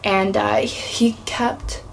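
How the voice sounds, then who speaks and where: Speaking very slowly in a steady, medium-pitched voice, this young East Tennessee woman vlogs a meandering, talkative story, leaning heavily on "like." There's a touch of background noise.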